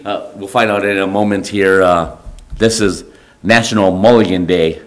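A man as pastor, preaching a conversational sermon in a church, often restarting and halting over his words. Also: medium pitch, a bit bright. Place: church sanctuary.

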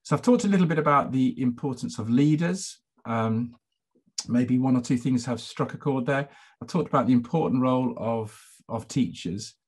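A man's voice: mid-range voice, normal speed, husky. A middle-aged man, a former head teacher, telling a story at a conference in a reflective, hesitant way, full of fillers and repeated words. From England.

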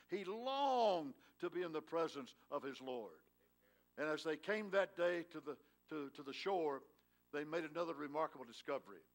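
A man's voice: on the high side, fairly bright tone. A male pastor preaching a sermon in a church, telling a Bible story in a folksy way and rising with emphasis. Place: church sanctuary.

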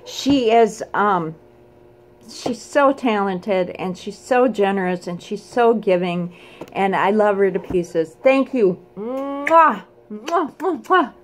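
A woman opening a gift box in a casual unboxing vlog, gushing and excitable, squealing and screaming with delight between quieter asides. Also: medium pitch, slow, slight background noise. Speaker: craft vlogger.

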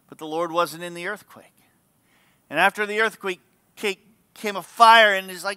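Pastor guy preaching, high bright voice, super clear, dry close sound. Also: normal speed, no echo. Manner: earnest, emphatic preaching. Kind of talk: sermon.

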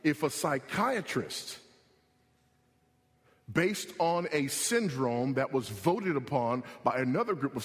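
A man preaching a sermon as pastor, emphatic, repeating his key points and rising in pitch when he presses them. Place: church sanctuary. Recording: long hall reverb.

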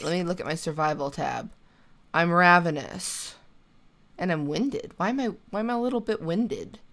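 A chatty young woman narrating her own survival game as she plays. She thinks out loud in an easy, conversational way and now and then talks to her character. Her voice sits at an ordinary middle pitch. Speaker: gaming channel host. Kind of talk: casual let's-play commentary.

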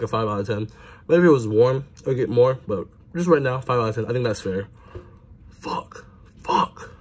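Casual male vlogger, average pitch, phone-camera sound, excitable sports fan who swears and talks with his mouth full. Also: breathy edge.

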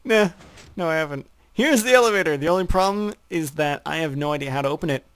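Fast and fairly high-pitched, this gamer's voice comes through clean as he plays a co-op map with friends. He teases them, curses and narrates the action in mock fashion.

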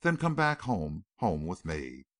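A man voicing a distraught young wealthy city woman in an audiobook, pleading and breaking off in halting repeats. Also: sits low, huge pitch swings, heavily acted.

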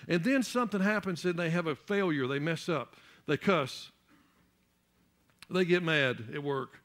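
A man preaching a church sermon, building up to loud, emphatic peaks and repeating words as he searches for the next one. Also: fairly high pitch, unhurried. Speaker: pastor.

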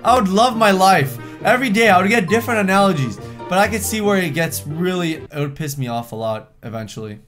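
Young man, high-pitched, sarcastic, reaction commentary, quiet music behind. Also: expressive, fairly quick, few pauses. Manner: sarcastic, reads texts aloud in put-on voices. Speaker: reaction video host.

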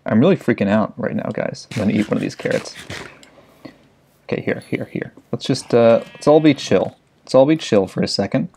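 A man's voice: medium pitch, animated, fairly quick, dark tone, a little hiss or hum. A young man giving frantic, swear-filled commentary while playing a video game. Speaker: let's play gamer. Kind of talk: casual gameplay commentary.

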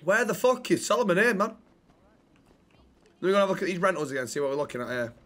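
A man's voice: high voice, big pitch swings, fast talker, a bit bright. A man, casually bantering and joking while streaming a roleplay game. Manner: joking, sweary, chats to viewers. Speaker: streamer playing a roleplay character.

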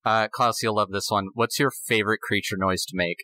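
A man's voice: lowish voice, fairly even intonation, fairly quick, bright, forceful tone, no echo, poor audio. A man hosting a podcast, reading listener questions in an easygoing, giggly way. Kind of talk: casual chat.

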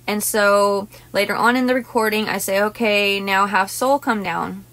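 Woman host, hypnotist, casual vlog story, emotional, rambling, mid pitch. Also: normal speed, a bit bright. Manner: rambling, emotional, many restarts and asides.

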